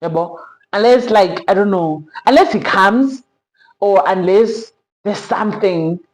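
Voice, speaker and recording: A young South African woman telling a personal story in a sit-down vlog, animated and sprinkling in Zulu slang. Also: mid-range voice, measured pace, rough recording. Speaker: vlogger.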